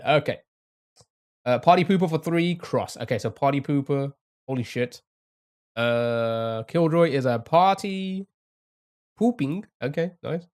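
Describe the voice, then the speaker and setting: A man's voice: fairly high pitch, expressive, unhurried, pauses often, a little mellow. A young man streaming a game live, thinking aloud, chatting to viewers and laughing often. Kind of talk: casual live-stream commentary.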